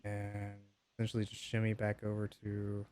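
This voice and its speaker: A young man running a tabletop game as game master, relaxed and hesitant, with many fillers. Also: fairly low pitch, normal speed.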